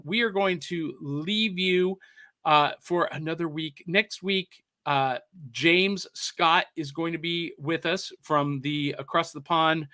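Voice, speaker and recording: Male podcast host, upbeat and playful, brightish tone, casual chat. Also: a little high. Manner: playful, breaks into a mock newsreel announcer voice. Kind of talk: casual chat reading viewer comments.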